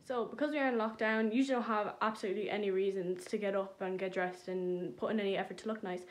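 A woman's voice: medium pitch, fairly even intonation, fast talker. A young woman, chatting casually and rambling with self-deprecating humor in a vlog filmed on her phone at home. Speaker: vlogger. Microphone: phone camera.

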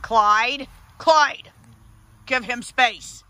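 A woman's voice: on the high side, drawn-out words, sharp tone. A woman at an animal rescue, talking to her animals in a cooing, sing-song baby-talk voice for a casual vlog.

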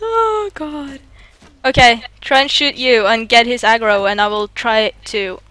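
A woman from Norway playing a co-op video game, panicking and shrieking with excitement. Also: fairly high pitch, a little slow, no echo. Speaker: gamer. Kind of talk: let's play co-op commentary.

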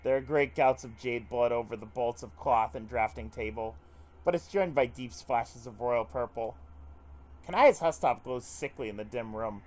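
A man streams a visual novel as a let's play, reading the text aloud and reacting with frequent swearing. His voice is medium-pitched with a darkish tone, at a normal speed.

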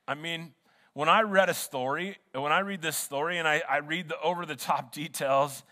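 A man's voice: fairly high pitch, moderate pace, pushed and bright. A man preaching a sermon as pastor in a church, earnest and conversational, often restarting his sentences. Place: church sanctuary. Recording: long hall reverb in a church.

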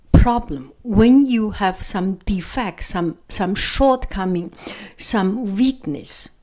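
Slow-speaking Chinese-accented woman. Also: mid-range voice, dark tone. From China. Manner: repeats words, halting phrasing with fillers. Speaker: vlogger. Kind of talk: casual reflective monologue.

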